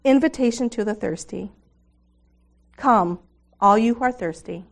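A woman's voice: fairly high pitch, a little slow, vocal fry. A middle-aged woman speaking to a women's gathering, reading scripture aloud in an earnest devotional manner. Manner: earnest, reads scripture aloud, laughs with audience.

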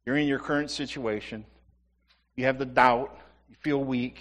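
A man's voice: medium pitch, steady tone, normal speed, a bit bright, in a large hall. A middle-aged male pastor preaching a conversational sermon, with playful asides to his congregation. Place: church sanctuary.

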